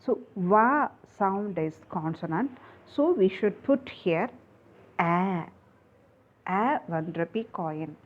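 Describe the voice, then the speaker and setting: A woman English teacher explaining grammar at a board, slowly repeating and spelling out letters. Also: medium pitch, expressive. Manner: slow, repetitive, spelling out letters. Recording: tinny phone-like sound.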